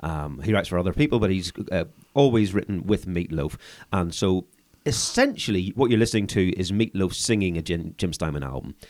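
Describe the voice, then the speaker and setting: A man's voice: deep voice, expressive, fairly quick, darkish tone. A man from England co-hosting a podcast, explaining music history with dry wit. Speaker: podcast co-host. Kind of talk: casual podcast chat.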